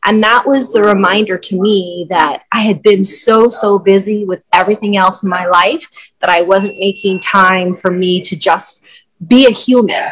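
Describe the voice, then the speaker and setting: A woman's voice: mid-range voice, fairly bright tone, rough recording. Candid middle-aged woman telling her story. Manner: candid, conversational, with fillers. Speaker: guest, wellness coach. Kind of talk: personal storytelling in interview.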